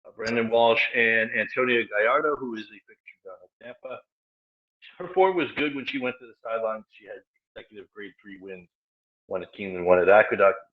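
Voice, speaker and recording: A man's voice: fairly low pitch, animated, fairly quick. A man on a racing panel giving his pick in a confident, blunt way. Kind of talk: horse racing handicapping talk. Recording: tinny phone-like line.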